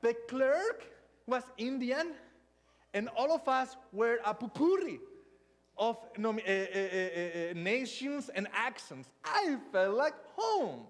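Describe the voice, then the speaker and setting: A man's voice: very high-pitched, slow, big-room sound. A man with a Hispanic accent preaching a storytelling sermon, acting out little dialogues. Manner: storytelling, animated with mock dialogue. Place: church hall.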